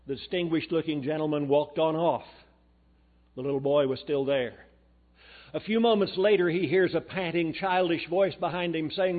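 A man's voice: on the high side, fairly even intonation, brisk. A man giving a sermon as a guest preacher, telling a story in a folksy way and reading quotations aloud. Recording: tinny phone-like recording.

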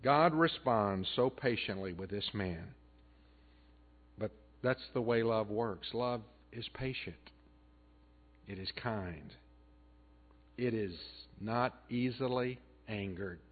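A man preaching a sermon as pastor, earnest, building up loud and then dropping soft. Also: mid-range voice. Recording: tinny phone-like band.

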